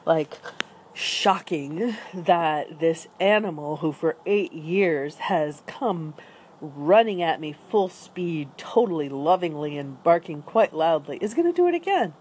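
A woman's voice: low voice, takes it slowly, darkish tone, slight background noise. A woman talking upbeat and rambling in a casual outdoor morning vlog, with an allergy cough. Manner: rambling and upbeat, with small restarts. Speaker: vlogger. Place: outdoors with dry leaves on the ground.

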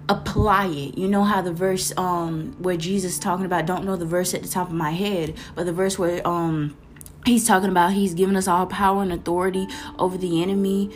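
A woman from Florida with a Florida accent, giving a casual, animated faith talk to camera, slangy and quoting scripture. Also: mid-range voice. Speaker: Christian vlogger.

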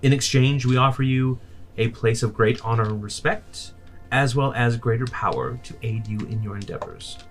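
A man's voice: medium pitch, normal speed, faint music behind, lightly acted. A man voicing a stern female goddess who speaks formally and solemnly in a tabletop game. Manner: formal, ceremonial.

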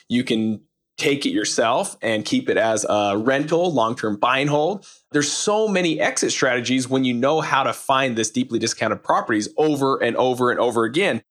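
A man hosting a podcast interview, energetic and hyping up his guest. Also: on the high side. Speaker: podcast host.

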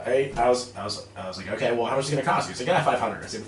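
A man in his thirties telling a lively story about his army days, acting out quotes and laughing often. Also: mid-range voice, rapid-fire, few pauses. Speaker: guest, army veteran turned real estate investor. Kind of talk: casual storytelling interview. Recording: roomy, distant mic with faint noise.

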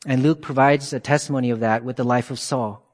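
A man's voice: mid-range voice, fairly even intonation, fairly quick. A man preaching a sermon, reading scripture aloud and asking earnest rhetorical questions. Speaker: pastor. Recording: long hall reverb.

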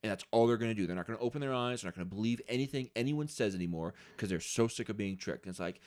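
A middle-aged man with a somewhat low voice, chatting on a podcast. He retells favorite scenes earnestly and lets the emotion show. Casual, thoughtful delivery. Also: very fast, a little mellow. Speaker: podcast co-host. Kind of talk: casual chat about faith and books.

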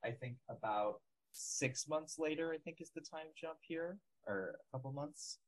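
A man's voice: on the high side, a little slow, no echo, low-quality recording. A man in a casual film podcast discussion, building longer analytical points about the characters.

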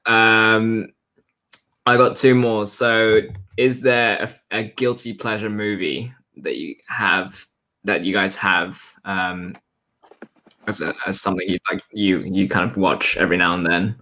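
Guy hosting a sports chat, bright voice, lots of ums and restarts. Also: on the low side, fairly even intonation, unhurried. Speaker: host. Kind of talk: casual interview.

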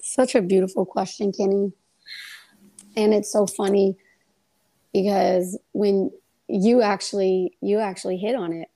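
A young woman, a guest on a faith podcast, tells a personal testimony in a lively, casual way and acts out the voices in her story. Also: mid-range voice, a little slow, pauses often.

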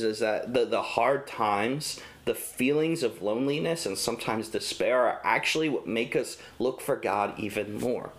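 A man's voice: mid-range voice, a bit bright. A young man and father preaching a devotional sermon in an earnest, conversational way, with casual fillers. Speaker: pastor.

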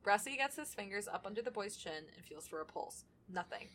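A woman's voice: medium pitch, expressive, fairly quick, fairly bright tone, slight background noise. A woman co-hosting a podcast, reading fan fiction aloud between chatty, laughing asides and casual swearing. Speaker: podcast co-host.

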